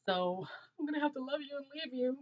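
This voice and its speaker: A woman's voice: sits high, expressive, fairly quick, muffled recording. A woman in her mid twenties hosting a casual livestream, chatting with viewers and laughing often in loose slangy talk. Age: 20s. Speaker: livestream host. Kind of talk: casual livestream chat reading viewer comments. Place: Ontario, Canada.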